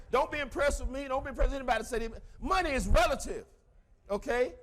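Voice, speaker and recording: Fast, high-voiced Southern man preaching success. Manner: emphatic, repetitive, bursts into shouting. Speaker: seminar speaker. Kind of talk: motivational seminar talk.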